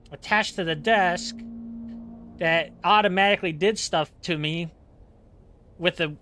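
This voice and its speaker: A male game streamer with a bright, fairly high voice that carries a keen, forward edge. He chats loosely and jokes at his own expense, wandering from one aside to the next. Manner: joking, rambling, self-mocking. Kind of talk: casual chat while playing.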